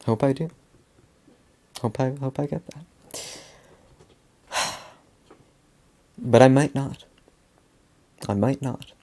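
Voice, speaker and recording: A man's voice: mid-range voice, slow, long pauses, darkish tone. A young man venting in a casual monologue, rambling, repeating himself and swearing a lot. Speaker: vlogger.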